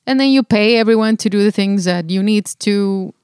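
A woman's voice: medium pitch, normal speed, darkish tone, smooth, no echo, clean studio sound. A woman co-hosting a podcast, playful and teasing, laughing a lot in casual chat. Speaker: podcast co-host.

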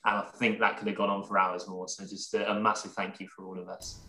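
Man, moderator, sharp bright voice, effusive, roomy echo. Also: deep voice, flat delivery, fast. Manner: effusive, grateful. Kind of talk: thanking a guest at the end of a talk.

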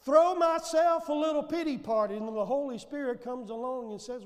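Male preacher, very high voice, slow and fervent, shouts and call-and-response, big reverberant church. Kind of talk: sermon. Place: church sanctuary.

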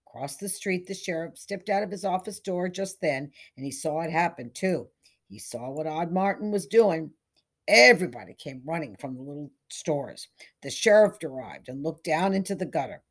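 A woman reading a short story aloud as scripted narration, in a measured storytelling manner. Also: low voice, expressive, slightly rough. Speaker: story reader.

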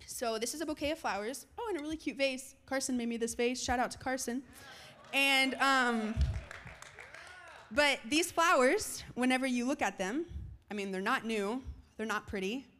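A young woman preaching a sermon to students, moving between loud calls and soft, hushed lines. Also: high voice, moderate pace, a little hiss or hum. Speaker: youth speaker.

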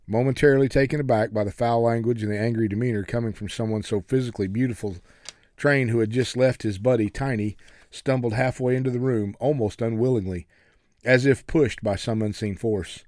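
A man's voice: on the low side, steady tone, fairly quick, warm tone, dry recording, clean studio sound. A man who hosts a podcast and preaches as a guest, reading a novel aloud and reflecting earnestly on it. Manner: earnest, reflective, with some restarts.

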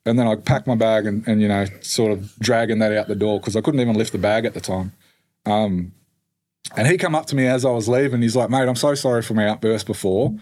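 A man's voice: fairly low pitch, a little fast, darkish tone. A man telling his story as a podcast guest, rambling and swearing freely, with lots of fillers. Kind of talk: casual storytelling.

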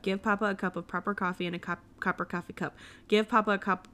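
A woman's voice: mid-range voice, fairly even intonation, fast, pushed and bright. A woman co-hosting a podcast, chatting casually and playfully mocking herself while trying tongue twisters. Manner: self-deprecating, playful. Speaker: podcast co-host.

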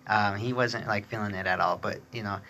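A man's voice: lowish voice, fairly even intonation, brisk, bright, forceful tone. A man hosting a podcast, telling a long personal story in a rambling, chatty way, laughing often and mimicking other people with a raised voice. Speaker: podcast host. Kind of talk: casual storytelling.

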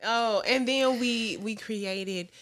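A woman's voice: on the high side, slow, a bit bright. A woman with a Southern US accent co-hosting a podcast in casual, slangy chat, laughing easily. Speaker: podcast co-host.

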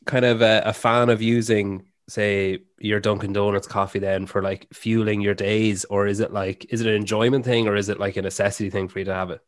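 A man's voice: fairly low pitch, flat delivery, a little fast, hardly any pauses, no echo, studio quality. A man hosting a casual podcast interview, rambling and hesitant with lots of fillers. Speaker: podcast host.

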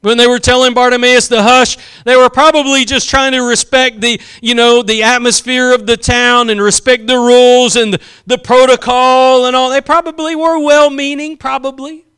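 A man's voice: very high-pitched, level tone, moderate pace, hardly any pauses, sharp tone, clear, resonant tone. A man preaching a sermon, impassioned, drawing out key phrases for emphasis and acting out quotes.

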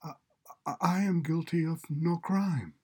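Weary captive on trial, voiced by a man: raised pitch, muffled, stammering, resigned. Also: a little slow, a little mellow, husky. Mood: pleading. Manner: pleading, resigned. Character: weary, frightened male prisoner on trial.

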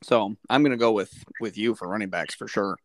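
A man co-hosting a podcast in casual chat, thinking out loud with pauses and hedges as he weighs his picks. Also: lowish voice, no echo. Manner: thoughtful, hedging, reasons out loud with fillers. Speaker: fantasy league podcast co-host.

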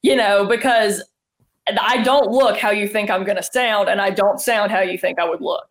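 A woman's voice: medium pitch, steady tone. A woman comedian with a Southern US accent, telling stories and joking in a casual video-call chat. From Southern United States. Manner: joking, storytelling, quick asides. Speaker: stand-up comedian, guest.

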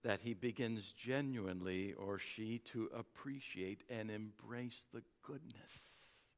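Slow, earnest preacher exhorting. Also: male voice, on the low side. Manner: earnest, exhorting, drops to a hush on weighty words. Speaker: pastor. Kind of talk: sermon.

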